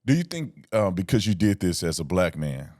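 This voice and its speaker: Very deep voiced guy hosting, halting questions, thinks out loud. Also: big pitch swings, no echo, studio quality. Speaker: podcast host. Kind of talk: casual interview talk.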